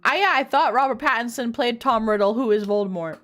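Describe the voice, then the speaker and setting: A woman's voice: fairly high pitch, a little fast, fairly bright tone, faint music behind. Giggly woman streamer reading fanfic. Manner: giggly, mocking, swears freely. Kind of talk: casual reading aloud of fanfiction.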